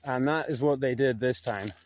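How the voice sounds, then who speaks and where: A man telling stories in a casual vlog, rambling and hesitant, his voice trailing off softly at the ends of thoughts, recorded outdoors in woods. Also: medium pitch, moderate pace. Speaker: vlogger. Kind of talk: casual anecdotal storytelling.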